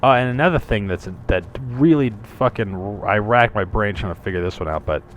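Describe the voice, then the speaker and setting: A man's voice: on the low side, brisk, faint music behind. A man giving casual, rambling gameplay commentary, cursing freely and making jokey asides.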